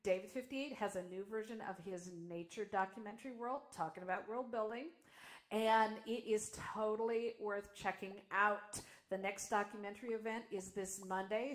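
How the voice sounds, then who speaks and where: A woman's voice: mid-range voice, a little fast. A woman co-hosting a live news stream in a chatty, loose way, laughing often between announcements.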